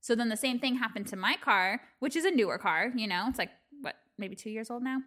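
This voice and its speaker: A chatty woman co-hosting a podcast, keeping up a stream of quick agreement and sharing her own stories. Her voice is bright and sits a little high, moving lively up and down. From Southern California. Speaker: podcast co-host. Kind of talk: casual chat.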